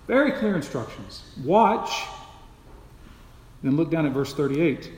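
Emphatic preacher in an echoey hall. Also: male voice, on the high side, sing-song, moderate pace, darkish tone. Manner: emphatic, repeats key phrases for stress. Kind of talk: expository sermon. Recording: echoey hall with long reverb.

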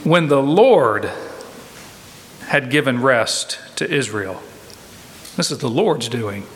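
A man's voice: mid-range voice, animated, takes it slowly, a bit bright, long reverb tail, a little hiss or hum. A man preaching a sermon as a pastor, emphatic, building his points through repeated refrains.

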